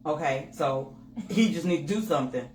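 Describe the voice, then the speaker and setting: A woman co-hosting a candid couple's chat with her husband, telling personal stories with lively acted-out inner dialogue. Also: deep voice, normal speed. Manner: animated storytelling, acts out her own inner voice. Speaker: co-host. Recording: roomy with faint noise.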